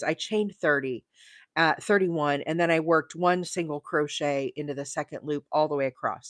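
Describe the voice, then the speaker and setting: Southern woman, middle-aged, chatty livestream host, low voice with a lively swing, dry close sound. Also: no room sound. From South Alabama. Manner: chatty, laughs often, greets viewers by name. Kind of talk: casual chat while crocheting live.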